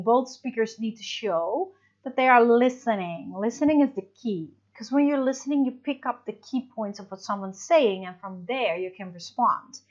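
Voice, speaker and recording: A woman's voice: a little high, lo-fi sound. A woman teacher talking through a recorded online English lesson in a chatty, explaining way, full of little fillers.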